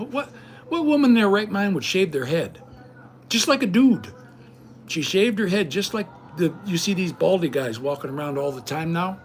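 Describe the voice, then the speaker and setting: A middle-aged man talking casually at home in a vlog, indignant and rambling. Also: a little high. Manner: indignant, ranting. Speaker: vlogger.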